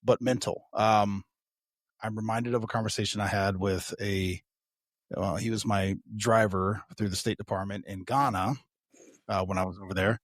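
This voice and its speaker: Low-voiced rambling podcast host, man. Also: steady tone, moderate pace, no echo. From United States. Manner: rambling storyteller, casual swearing. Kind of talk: casual podcast chat.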